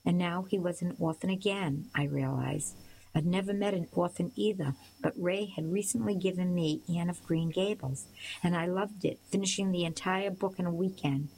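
A woman giving a measured first-person audiobook narration of a story. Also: lowish voice, darkish tone, a little hiss or hum, poor audio.

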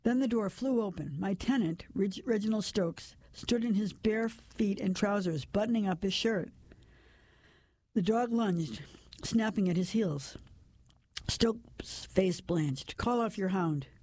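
A woman narrating a first-person story, reading it in a measured, steady way. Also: mid-range voice, no room sound.

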